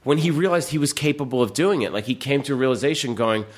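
A man in casual conversation who tells stories with energy. His voice sits at a middle pitch, and he breaks into voiced quotes as he goes. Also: fast, hardly any pauses. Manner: animated storytelling with acted-out quotes. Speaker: podcast guest. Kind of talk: casual chat.

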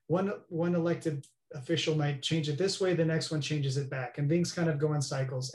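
Guy explaining stuff earnestly, kinda high voice, echoey room. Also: darkish tone. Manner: earnest, explanatory, often asks "right?". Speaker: guest expert. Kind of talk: interview conversation. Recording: roomy echo.

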